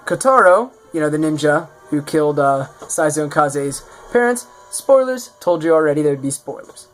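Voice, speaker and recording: A man with a fairly high, slightly bright voice casually shows off his own game mod in a showcase. He's offhand and rambling, correcting himself as he goes.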